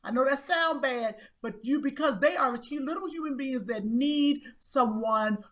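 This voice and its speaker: Middle-aged woman co-host, high voice, sassy and emphatic, slangy. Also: normal speed, a bit bright. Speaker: podcast co-host. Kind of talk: casual comedic chat.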